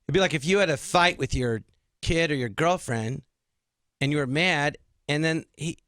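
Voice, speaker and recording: A man's voice: fairly high pitch, moderate pace, fairly bright tone, no echo. A man guesting as a comedian on a radio studio show, telling stories indignantly and acting out the exchanges he describes. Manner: indignant, rambling, acts out quoted exchanges. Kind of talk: animated storytelling in a studio interview.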